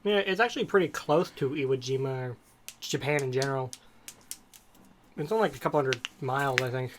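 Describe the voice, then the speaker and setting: This podcast co-host is a man with a medium-pitched voice who talks a little fast over a faint hiss or hum. His chat is casual, hopping from topic to topic with digressive, rambling stories.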